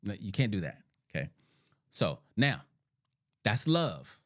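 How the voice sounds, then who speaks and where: A middle-aged man talks listeners through his ideas like a teacher, his pitch swinging up and down with animation. He repeats his key points and checks in with "right?" and "okay?". He sounds a little sick, clearing his throat now and then. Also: big pitch swings, slow pace, fairly bright tone. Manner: repetitive, emphatic, rhetorical "right?" checks. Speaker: therapist hosting a podcast. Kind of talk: teaching monologue.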